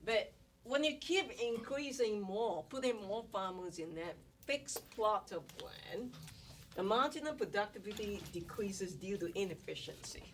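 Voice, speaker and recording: A woman's voice: mid-range voice, expressive, unhurried. A woman instructor giving a classroom economics lecture, explaining step by step and asking rhetorical questions. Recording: distant mic with noise and clicks.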